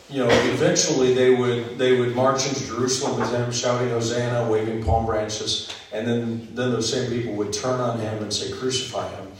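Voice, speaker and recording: Man preaching in a big echoey hall. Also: medium pitch. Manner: earnest, builds up in places, frequent ums and restarts. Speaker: pastor. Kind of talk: sermon. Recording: echoey hall from far off, faint noise.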